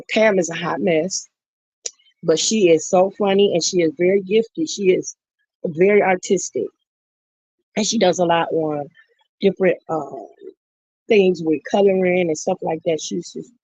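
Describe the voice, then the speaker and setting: A woman's voice: medium pitch, darkish tone, no room sound. A middle-aged woman hosting a livestream, chatting casually and effusively with her viewers. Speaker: livestream host. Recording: dull dry lo-fi sound.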